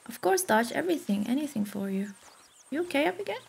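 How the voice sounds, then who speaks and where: A woman from Iran giving casual, excitable commentary while playing a video game, swearing and exclaiming often. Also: high-pitched, quick pace, vocal fry, a little hiss or hum. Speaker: let's play streamer.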